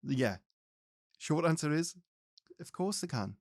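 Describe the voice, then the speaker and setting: Male medium-teacher, earnest direct address, higher register, dry close sound. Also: expressive, takes it slowly, no echo. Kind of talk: spiritual teaching talk to viewers.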